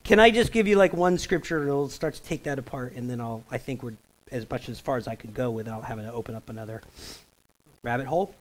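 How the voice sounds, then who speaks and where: A man's voice: mid-range voice, quick pace, low-quality recording. A man pastor preaching a sermon in a church over a stage microphone, in a jokey, conversational manner that keeps checking in with the congregation. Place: church sanctuary.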